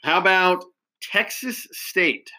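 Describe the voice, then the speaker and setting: A man's voice: high voice, slow, background noise. A man hosting a casual quiz game, upbeat and full of praise, with lots of fillers. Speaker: quiz host.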